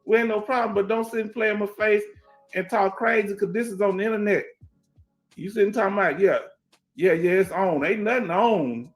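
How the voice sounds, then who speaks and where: A man's voice: sits high, a little fast, soft background music. Streetwise Houston man hosting a stream. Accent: Houston Black American English. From Houston, Texas. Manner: streetwise, emphatic, repeats himself, asks "you understand?". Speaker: veteran livestream host. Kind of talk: casual livestream chat reading comments. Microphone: headset.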